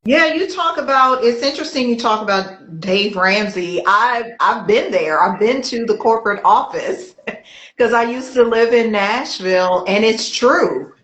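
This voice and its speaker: A woman's voice: fairly high pitch, animated, unhurried, fairly bright tone, muffled recording. A woman hosting an interview show, asking long conversational questions. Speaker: podcast host. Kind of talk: casual interview talk. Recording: echoey room.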